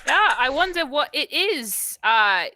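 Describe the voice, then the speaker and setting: Brash teasing woman player, bright sharp voice, dead dry mic. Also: high-pitched, sing-song, takes it slowly, no room sound.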